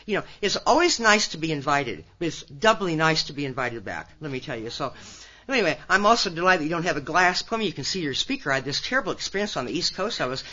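With a low-pitched, pushed and bright voice, an older woman from Nebraska talks fast and with lively intonation. She's giving a folksy testimony at a recovery conference, spinning stories and tossing punchy asides to listeners, all on a dull lo-fi recording.

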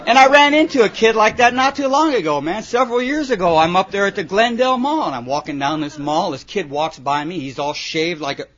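A man's voice: high-pitched, lively intonation, a little fast, few pauses, a bit bright, some chatter behind. A man sharing humorous stories at a recovery meeting, rambling and full of "you know" and "man". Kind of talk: humorous storytelling to a live audience. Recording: muffled recording with audience laughter.

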